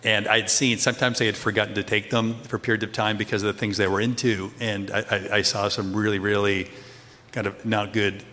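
Bright-toned middle-aged man telling a story. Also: fairly low pitch, little pitch movement, brisk, long reverb tail. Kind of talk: casual testimony chat.

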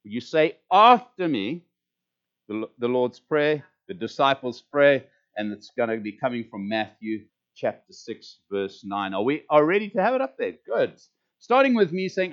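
A man's voice: medium pitch, sing-song, unhurried. A man with a South African accent, a pastor preaching a fervent, emphatic sermon to his church. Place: church service. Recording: dull lo-fi recording.

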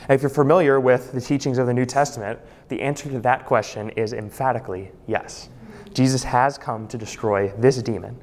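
Man, pastor, sermon, emphatic, repeats phrases for stress, mid-pitched voice, long hall reverb. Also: fairly even intonation, fairly quick.

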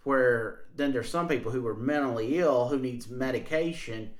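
A man's voice: mid-range voice, normal speed, reverberant. A man talking bluntly in a casual conversation, rambling and restarting his sentences.

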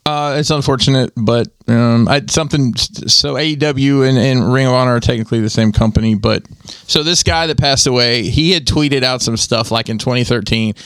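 A man with an ordinary middle pitch chats casually on a podcast. He is wry and talks through news in loose, meandering asides. His voice sounds dry and close. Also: moderate pace, few pauses, fairly bright tone, clean tone, no echo. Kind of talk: casual chat.

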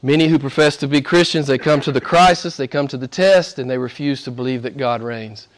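A man gives a sermon as pastor at a slightly quick pace and medium pitch. He shifts from loud declarations to near-whispers and leans on repeated phrases for emphasis.

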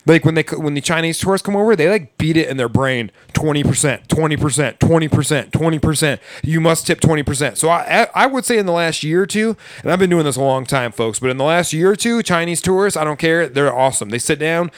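A man's voice: a little high, animated, fast, few pauses, clear, resonant tone, no echo, clean studio sound. A man who hosts a podcast and works as a server, chatting casually in a blunt, profane, ranting way. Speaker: podcast host and restaurant server. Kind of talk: casual chat.

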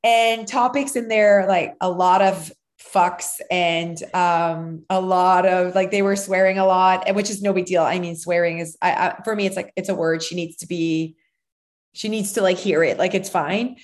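A woman in her thirties, co-hosting a casual podcast, telling a rambling story full of fillers and quick acted-out quotes. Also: on the low side, fairly even intonation. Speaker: podcast co-host, mother of a child actor. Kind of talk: casual chat.

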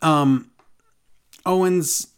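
A man's voice: on the high side, drawn-out words, smooth. A man co-hosting a podcast, recapping a show in casual chat, with sarcastic, exasperated asides. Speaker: podcast co-host.

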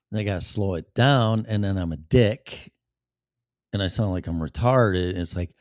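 In a casual livestream, a show host with a Chicago accent rambles through an offhand, profane monologue. He speaks in a low pitch at a moderate pace, and the studio recording is clean with no echo.

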